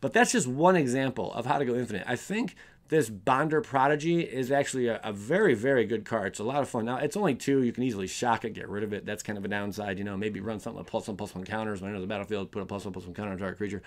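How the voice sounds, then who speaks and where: A man's voice: fairly low pitch, very fast. A young man hosting a casual card review, rambling and often stumbling over and correcting his words. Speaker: card game video host.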